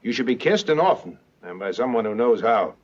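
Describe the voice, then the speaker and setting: Cynical Southern charmer, mocking, old muffled film sound. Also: male voice, medium pitch, sing-song, brisk. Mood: teasing. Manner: wry, mocking, self-assured. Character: cynical, teasing Southern gentleman. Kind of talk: 1930s film acting.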